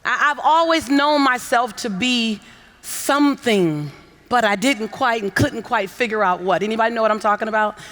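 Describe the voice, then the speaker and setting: A woman giving a motivational keynote on a conference stage, coaxing the audience into call-and-response and building to shouts with repeated phrases. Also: on the high side, normal speed. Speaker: motivational speaker. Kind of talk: keynote speech to a conference crowd. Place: large conference hall on stage.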